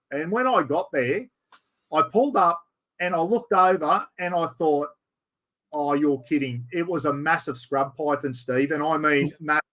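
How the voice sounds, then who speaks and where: A middle-aged Australian man chatting casually as host, telling animated stories. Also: a little high, normal speed. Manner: yarn-spinning, animated storyteller. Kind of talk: casual chat.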